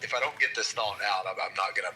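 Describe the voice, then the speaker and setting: A man's voice: fairly low pitch, fast talker, faint music behind, rough recording. A man telling a rambling, self-mocking story in casual podcast chat. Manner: rambling, lively storyteller with restarts. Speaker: podcast co-host.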